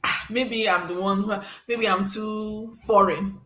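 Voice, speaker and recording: A woman from Nigeria hosting a casual chat, telling stories in an animated, exclamatory way. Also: mid-range voice, a little slow, roomy sound, a little hiss or hum. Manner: animated, exclamatory storytelling with laughs. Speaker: host.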